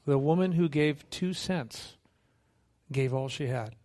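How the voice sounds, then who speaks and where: A missionary preacher with a fairly high voice takes it slowly through a sermon, speaking in an easy, humorous, conversational way. He acts out little scenes and quotes in animated stories, his voice lifting on the punchlines.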